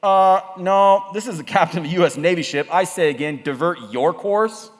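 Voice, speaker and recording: A man's voice: high-pitched, moderate pace, pitched above the performer's own voice, close to an everyday voice. A man voicing a stern American navy captain, giving formal, commanding orders over the radio. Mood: demanding. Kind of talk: sermon illustration. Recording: echoey hall.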